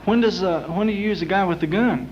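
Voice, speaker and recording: Scena: un uomo che interpreta un tizio stupito e acuto in una barzelletta, su un nastro dal vivo anni '60, ovattato. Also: male voice, high voice, fast, a little mellow, a little hiss or hum, voice pushed up, natural voice. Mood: amazed. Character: impressed man marveling at gorilla catchers. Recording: muffled 1960s live club tape.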